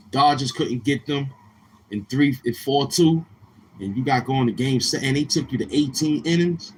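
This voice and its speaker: A man's voice: medium pitch, a little hiss or hum, poor audio. A man hosting a casual livestream, talking in brash, heckling, slang-heavy banter. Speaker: live-stream host.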